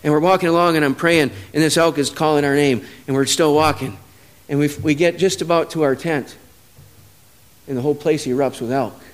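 A man with a high voice preaching a sermon. He tells stories from his own life, dropping low and quiet, then building to loud, emphatic peaks. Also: steady tone, brisk.

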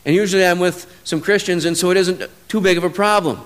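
A man preaches a sermon built around a personal story, talking fast with fairly even intonation. He swings between low, quiet stretches and loud, emphatic peaks.

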